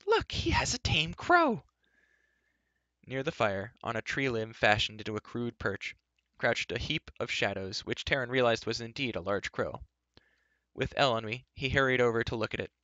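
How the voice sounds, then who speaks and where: A man reading a novel aloud in a steady storytelling manner. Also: medium pitch, normal speed, dry recording. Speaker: reader. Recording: dull lo-fi dry recording.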